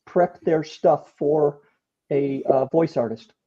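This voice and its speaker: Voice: mid-range voice, slow pace, warm tone, highs cut off. A podcast host asking pointed, teasing questions in a casual interview.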